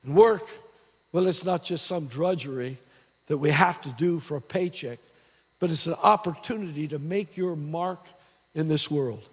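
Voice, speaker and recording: A man's voice: fairly high pitch, moderate pace, husky. A man preaching a sermon as pastor, restarting phrases and repeating words as he goes. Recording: long hall reverb.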